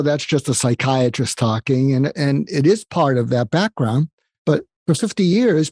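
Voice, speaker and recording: A man's voice: on the high side, dark tone, no echo, clean studio sound. An older man, a psychiatrist, telling stories and giving earnest advice as an interview guest. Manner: earnest, advising, quotes people in stories. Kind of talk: interview storytelling.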